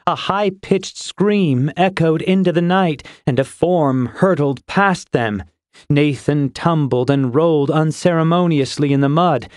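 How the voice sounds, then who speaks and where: A male audiobook narrator telling a fantasy battle scene at an unhurried, deliberate pace. His voice sits slightly high for a man and is recorded close, with a dry, deadened sound. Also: no echo. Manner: measured, steady storytelling.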